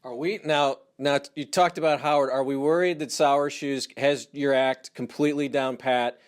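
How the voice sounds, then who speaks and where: A man's voice: medium pitch, steady tone, moderate pace. A man interviewing a guest, asking questions in a casual tone.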